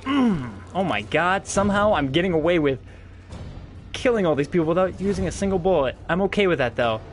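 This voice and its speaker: A young man commentating a horror game with a high, very lively voice. He swears often and yelps when startled, and faint music plays under his talk. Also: fairly quick. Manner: excitable, profane, yelping reactions. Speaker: gameplay streamer. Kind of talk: live gameplay commentary.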